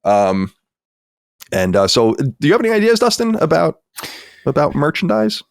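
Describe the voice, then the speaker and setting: A man's voice: on the high side, wildly swooping pitch, moderate pace, creaky, dry recording, studio quality. A man hosting a podcast in casual chat, blunt and opinionated, rambling with restarts. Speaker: podcast host.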